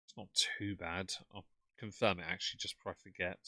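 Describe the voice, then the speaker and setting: A man's voice: sits low, steady tone, a little fast, pushed and bright, no echo, studio quality. A man hosting a livestream, commenting on clips with sarcastic, mocking asides. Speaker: commentary streamer.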